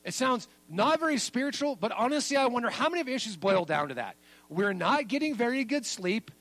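A man preaching a sermon as pastor, making points with lively emphasis. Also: a little fast, no echo, poor audio. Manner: lively and emphatic, then soft and low at the close.

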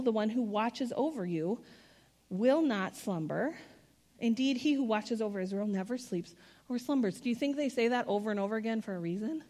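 A woman with a fairly high voice preaches to a church congregation. Her delivery is chatty and playful, then earnest, and she often asks the room questions. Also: darkish tone. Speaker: guest speaker. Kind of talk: sermon. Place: church auditorium.

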